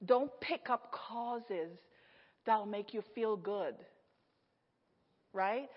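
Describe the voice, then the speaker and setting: A middle-aged woman preaching a storytelling sermon, animated, laughing often and acting out the people in her story. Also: medium pitch, very slow, breathy edge. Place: church hall. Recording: echoey hall, slightly dull sound.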